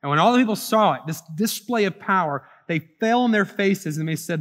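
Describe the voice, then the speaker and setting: A male pastor preaching a sermon, reading scripture aloud and explaining it, swinging between loud dramatic lines and hushed asides. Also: sits high, lively intonation, brisk, big-room sound.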